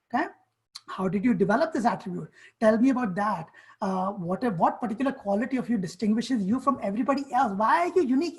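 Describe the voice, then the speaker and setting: A woman's voice: a little high, a little mellow, low-quality recording. A woman coaching students on college essays in an online workshop, speaking directly and firing off questions and commands.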